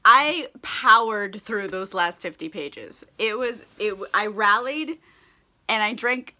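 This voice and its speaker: A woman's voice: medium pitch, lively intonation, takes it slowly, pushed and bright. A young woman, a little drunk on wine, recapping a novel in a casual comic vlog, laughing often, swearing freely and saying "like" a lot. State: tipsy from wine. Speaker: book vlogger. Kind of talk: casual comedic book recap.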